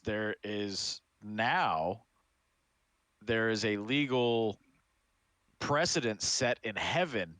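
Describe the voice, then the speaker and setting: A man's voice: lowish voice, fairly bright tone, clean tone, no room sound. A man co-hosting a podcast in casual chat, making wry, mock-serious remarks. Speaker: podcast co-host.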